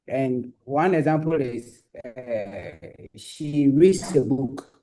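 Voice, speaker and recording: Hesitant student, distant from the mic. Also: male voice, mid-range voice, slow pace, mellow. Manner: polite, hesitant, says madam. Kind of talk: answering in online class.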